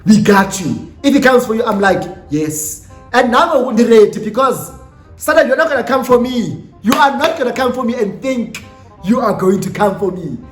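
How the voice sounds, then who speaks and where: High, lively South African young man. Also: moderate pace. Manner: animated, dramatic, sassy storytelling with swearing. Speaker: vlogger. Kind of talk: storytime vlog. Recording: roomy echo with faint music.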